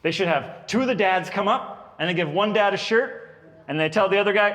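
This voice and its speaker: A man in his thirties doing stand-up comedy at a birthday party, telling stories about his kids with lively, animated delivery. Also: sits high, fairly quick, long reverb tail. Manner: animated storytelling, puts on kids' voices.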